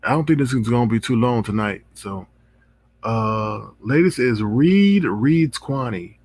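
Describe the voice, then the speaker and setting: A man hosting his own online commentary channel, chatting casually and reacting with drawn-out exclamations. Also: mid-range voice, lively intonation, darkish tone. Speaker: drama commentary channel host.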